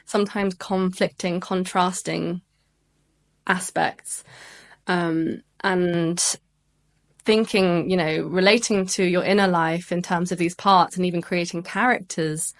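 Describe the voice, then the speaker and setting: A woman's voice: on the low side, fairly even intonation, takes it slowly. A woman, a relationship coach, talking playfully in a casual podcast conversation and laughing at herself.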